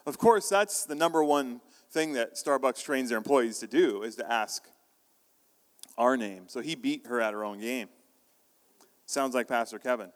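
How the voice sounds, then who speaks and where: A pastor preaches a sermon, telling a story conversationally with frequent restarts. His voice is mid-range at a normal speed, and the recording has the long reverb of a large hall.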